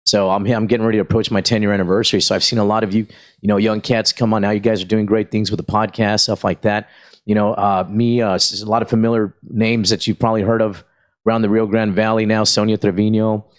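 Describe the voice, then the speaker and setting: A middle-aged man from South Texas, a comedian guest chatting casually and telling animated stories, full of fillers and acted-out voices. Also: lowish voice, quick pace. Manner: animated storyteller, acts out voices, frequent fillers. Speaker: stand-up comedian, podcast guest. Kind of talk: casual storytelling chat.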